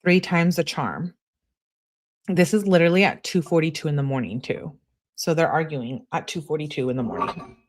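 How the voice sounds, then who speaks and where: A woman's voice: low voice, expressive, moderate pace. A woman hosting a true crime channel, reading text messages aloud and breaking in with blunt, incredulous comments.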